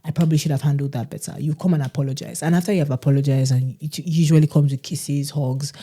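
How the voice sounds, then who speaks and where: A woman chats on a podcast in a low, mellow voice. She tells her stories with animation and slips into other people's voices as she goes. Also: brisk, soft background music. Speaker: podcast co-host. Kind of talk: casual chat.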